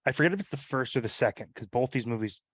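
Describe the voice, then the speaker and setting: A man's voice: mid-range voice, lively intonation, quick pace, a bit bright, husky, dry recording. Rambling man player at a game table. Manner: rambling, with many fillers like "like" and "right?". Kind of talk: casual chat describing his character's actions.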